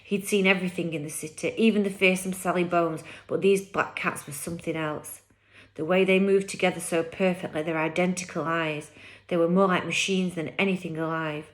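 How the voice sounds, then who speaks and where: A woman reading a children's novel aloud chapter by chapter, with expressive, dramatic storytelling. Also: on the low side, a little fast.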